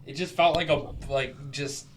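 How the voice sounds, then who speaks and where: A man's voice: fairly high pitch, fairly even intonation, normal speed, fairly bright tone, slight background noise. Rambling, laughing man on a podcast. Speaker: podcast co-host. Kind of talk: casual chat.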